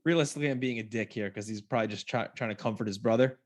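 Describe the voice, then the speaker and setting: A man's voice: medium pitch, very fast. Sarcastic man riffing on a podcast. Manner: sarcastic, mock-quotes scenes, swears. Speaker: podcast co-host. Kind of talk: casual chat.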